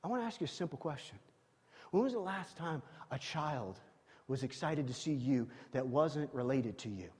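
A man preaching a sermon in a church, emphatic, swinging from loud exclamations to quiet, confiding asides. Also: mid-range voice, expressive, moderate pace, slightly rough. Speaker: pastor. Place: church sanctuary. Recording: long reverb of a large hall.

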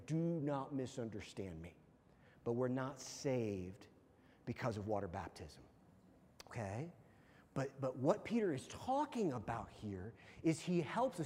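A man preaching a sermon as pastor, animated and often checking in with his listeners. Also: medium pitch. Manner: animated, repeats "okay?" to check in. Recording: long hall reverb.

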